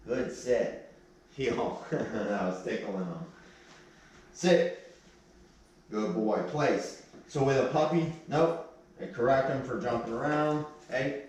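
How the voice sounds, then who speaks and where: Man training a dog, distant and echoey. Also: medium pitch. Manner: casual, explains step by step with short sharp commands. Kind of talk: explaining training while working a dog.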